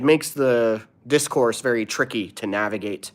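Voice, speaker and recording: A man's voice: lowish voice, lively intonation, unhurried, few pauses. Man, live streamer, casual chat, reads and answers viewer comments, earnest and opinionated. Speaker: comedian.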